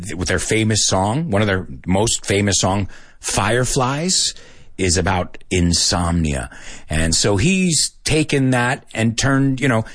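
A man of middling pitch hosts an easygoing talk, hopping between English and Spanish. His delivery swings widely in pitch, with a slightly husky grain, and he chuckles often. The sound is dry and close. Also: no room sound. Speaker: podcast host teaching Spanish speakers English. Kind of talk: casual bilingual chat.

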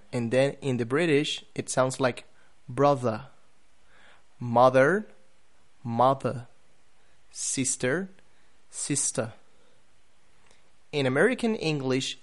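A man giving a podcast lesson on English pronunciation, saying example words slowly and with care. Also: medium pitch. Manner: careful, deliberate, spelling out example words.

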